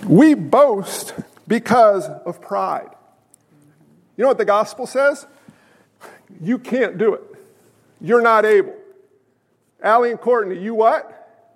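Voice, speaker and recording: Man preaching, very high voice, animated and joking, long reverb of a church hall. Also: takes it slowly, pauses often. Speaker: pastor. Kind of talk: sermon.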